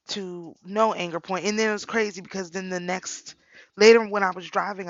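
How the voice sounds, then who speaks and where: A woman's voice: fairly low pitch, no echo, muffled recording. A middle-aged woman talking casually about spiritual practice, telling a personal story with repeated phrases. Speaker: spiritual channel host.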